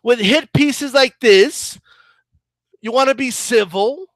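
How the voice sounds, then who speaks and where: Ranting, high-voiced man. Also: slow pace, a bit bright, no room sound. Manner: combative, profane, repetitive ranting. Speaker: boxing commentator. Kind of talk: heated reaction commentary.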